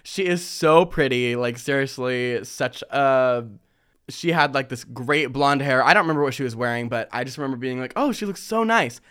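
A young adult man hosting a casual storytelling vlog, animated and often laughing as he quotes himself in higher voices. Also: moderate pace, clear, resonant tone.

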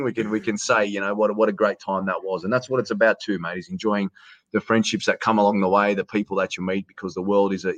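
A man's voice: on the low side, no echo, dull audio. A middle-aged man with an Australian accent, talking casually as a guest and calling his host mate, often repeating his words. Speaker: guest, sports announcer. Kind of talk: casual conversation over a call. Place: hotel quarantine room.

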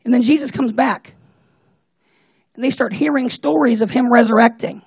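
Casual young-church male preacher, animated storyteller, raspy tone, high-pitched. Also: normal speed, no room sound. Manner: animated, jokey, acts out Bible characters. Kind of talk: casual sermon.

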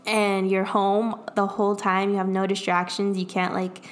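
A woman's voice: medium pitch, flat delivery, normal speed. A young adult woman in casual chat, telling a personal story in a rambling way, full of fillers and laughs. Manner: rambling, lots of "like", laughs often.

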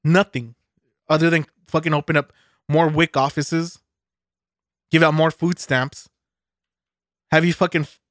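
A man's voice: on the high side, steady tone, a little slow, pauses often, a bit bright, no echo, studio quality. A man co-hosting a podcast, ranting cynically in casual chat and swearing heavily. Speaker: podcast co-host. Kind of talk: casual profane rant.

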